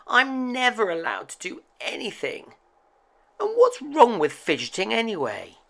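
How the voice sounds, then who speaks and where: A man's voice: high-pitched, wildly swooping pitch, a little slow, vocal fry, a bit bright, pitched above the performer's own voice, heavily acted. A man voicing a fidgety, cheeky little schoolgirl in a read-aloud picture book. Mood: complaining. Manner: exclaiming, indignant.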